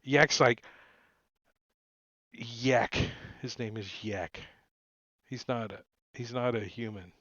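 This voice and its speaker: A man's voice: medium pitch, fairly even intonation, takes it slowly, long pauses, fairly bright tone, dry recording, lo-fi sound. A man narrating as game master in a loose, rambling way, chuckling as he describes the action. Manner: laid-back, rambling, chuckling.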